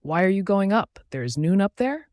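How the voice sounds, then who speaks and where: A man's voice: high-pitched, very animated, normal speed, darkish tone, no room sound, voice pushed up. Man doing jumpy defensive pack leader, tense and raised, dry mic. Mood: nervous.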